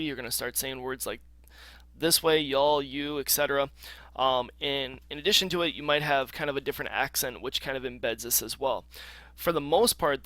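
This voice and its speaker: A man talks through a recorded geography lesson in an easygoing, explaining manner, often saying um and clearing his throat. His voice is bright and forward, at a middle pitch. The sound is close and dry, with no room echo. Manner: casual explaining with frequent ums and throat clearing. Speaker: teacher. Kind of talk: recorded classroom lecture.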